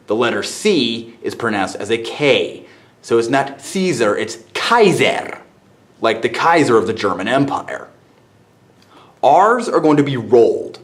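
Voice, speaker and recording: A man teaches a lesson, laying out each point slowly and methodically and sounding out examples. His voice sits fairly low. The recording has a roomy echo. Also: a bit bright. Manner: slow, methodical explaining, spelling out sounds. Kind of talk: spoken lesson.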